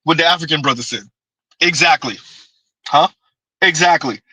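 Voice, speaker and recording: A man's voice: a little high, normal speed, pushed and bright, breathy edge, no room sound, rough recording. A man hosting a livestream with reaction commentary, talking in a mocking, sarcastic way. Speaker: streamer.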